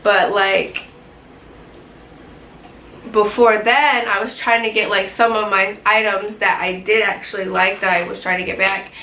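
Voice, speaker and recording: A young woman telling a story in a casual vlog, animated, swearing often and filling with "like". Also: medium pitch, measured pace. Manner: animated, heavy swearing, lots of "like". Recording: echoey room with faint ambient noise.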